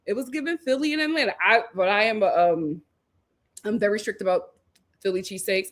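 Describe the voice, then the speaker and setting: A young adult woman hosting a live reality TV recap, animated and chatty, with slangy asides. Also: mid-range voice, fairly quick. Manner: animated, chatty, slangy, puts on voices when quoting. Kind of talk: casual live stream chat.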